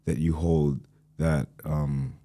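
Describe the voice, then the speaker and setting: A man's voice: extremely low pitch, steady tone, takes it slowly, mellow. A man hosting a casual podcast interview, talking in a laid-back, slangy way and acting out what people say. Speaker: podcast host.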